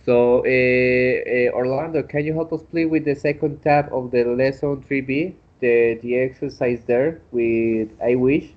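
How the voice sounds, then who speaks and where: A man's voice: medium pitch, steady tone, measured pace, few pauses, dull audio. A man teaching an online English class, patiently correcting pronunciation with frequent hesitations.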